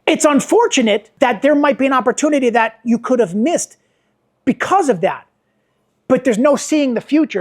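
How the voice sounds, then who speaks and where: A middle-aged man leading a photography workshop, telling stories and acting out the people he quotes. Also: high voice. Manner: animated storytelling, acts out quoted voices. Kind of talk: workshop talk with anecdotes.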